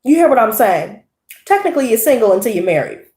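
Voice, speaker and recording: A woman with a high voice chats casually with her live audience, animated, profane and full of slang. She laughs often and tells her story with lots of energy. The room around her gives a noticeable echo. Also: fast. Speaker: tarot channel host.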